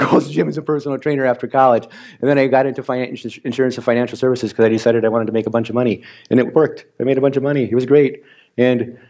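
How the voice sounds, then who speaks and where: Midwestern male pastor, conversational and animated sermon, mid-pitched voice. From Wisconsin, US. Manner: chatty and animated, acts out his own reactions. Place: church sanctuary.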